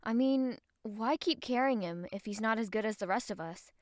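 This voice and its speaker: A woman's voice: on the high side, moderate pace, a little mellow, no echo, clean studio sound, lightly acted. A woman voicing a cocky, crude young succubus in an audiobook, talking in a sarcastic way. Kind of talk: audiobook character voice.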